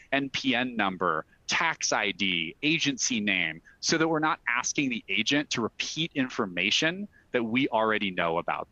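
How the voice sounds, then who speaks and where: Bright-voiced man giving a software demo. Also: lowish voice, no echo, highs cut off. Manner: brisk, salesy walkthrough with frequent fillers. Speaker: software company presenter. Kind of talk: webinar product demo.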